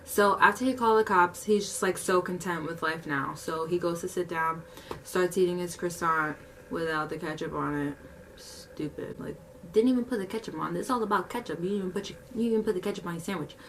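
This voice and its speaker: A young woman vlogger telling a casual story, animated, acting out the quotes and saying "like" a lot. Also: on the low side, a little fast, far from the mic, a little hiss or hum. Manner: animated storytelling, heavy use of "like", acts out quotes.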